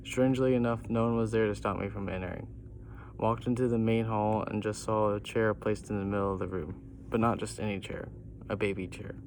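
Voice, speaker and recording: A man reading his own goofy comic story aloud, poking fun at himself as he goes. His voice sits on the low side, with a faint hiss in the background. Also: fairly even intonation, a little fast, a little mellow.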